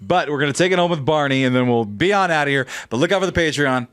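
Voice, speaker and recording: A man co-hosting a comedy podcast, quick, joking and profane in casual banter. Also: a little high, a bit bright, clean tone, dry recording, clean studio sound. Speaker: podcast co-host.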